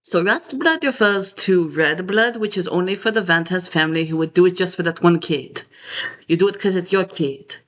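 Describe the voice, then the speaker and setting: A man's voice: high voice, moderate pace, a bit bright. Rambling man talking to camera. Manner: meandering, loose, with many fillers. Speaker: vlogger. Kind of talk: rambling solo monologue.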